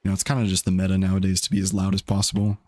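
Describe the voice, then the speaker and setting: A man's voice: deep voice, completely flat delivery, very fast, a little mellow, dry recording. A young man casually chatting while streaming a game, rambling and laid-back. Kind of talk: casual gaming stream chat.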